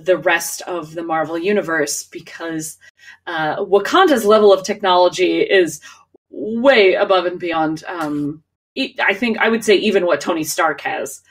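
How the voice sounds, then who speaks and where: Chatty woman podcast co-host with a lowish voice. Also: recorded from a distance. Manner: chatty, laughs often, many fillers and restarts. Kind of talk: casual chat.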